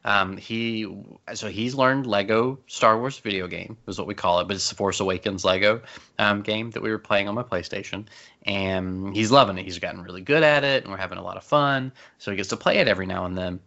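A man with a lowish, bright voice talks casually, telling an animated story with quick asides. The recording sounds dull and lo-fi. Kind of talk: casual chat.

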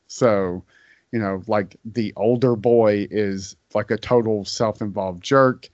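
Laid-back low-voiced man, dry audio. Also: normal speed, no echo. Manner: laid-back storyteller, swears casually. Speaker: podcast co-host. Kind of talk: casual chat. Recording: dry, slightly dull podcast audio.

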